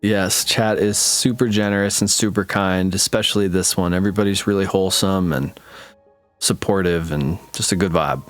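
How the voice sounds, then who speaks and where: A man's voice: sits low, fairly even intonation, normal speed, faint music behind. A man hosting an interview, chatting casually in a laid-back, jokey way. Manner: laid-back, jokey, says "bro" often. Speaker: podcast host.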